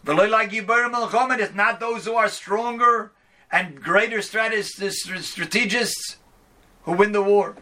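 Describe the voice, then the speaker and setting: A man with a high, bright voice gives a rabbi's lecture to an online class. He stresses his points hard. He reads each line of scripture and then unpacks it. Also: a little slow. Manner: emphatic, quotes a Hebrew verse and then explains it.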